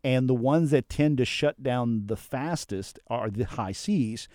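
A man hosting a casual talk about personality types, acting out quoted lines in an animated way. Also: unhurried, dry recording, studio quality. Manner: animated, acts out quotes with sudden pitch jumps. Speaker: host.

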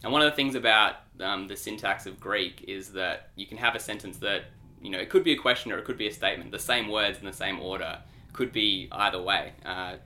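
A man co-hosting a church podcast, explaining Bible passages in a lively, teacherly way. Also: fairly low pitch, brisk. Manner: explanatory, animated. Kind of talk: podcast discussion.

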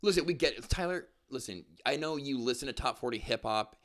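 Animated man in crude sports banter. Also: mid-range voice, fairly quick. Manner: rambling, crude, joking, with many fillers. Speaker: podcast co-host. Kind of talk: casual sports chat.

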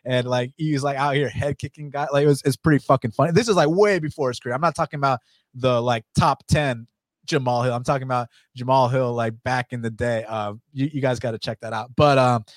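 A man hosting a casual podcast about fight betting, talking in an animated, rambling way with lots of swearing and fillers. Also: medium pitch, fairly quick, no echo. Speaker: podcast host.

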